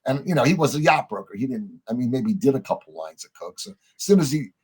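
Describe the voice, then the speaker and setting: A man talks at a medium pitch. He tells long stories on a podcast, chatty and animated, and he jumps into quoted voices as he goes. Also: fast, slightly rough. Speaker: podcast guest. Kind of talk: conversational storytelling.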